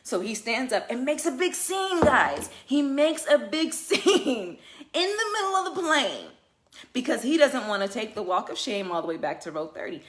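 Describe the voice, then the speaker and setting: On a laid-back livestream, a woman who works as a flight attendant tells a story at a moderate pace, her voice on the high side. Her delivery is animated and emphatic, punctuated by frequent laughter.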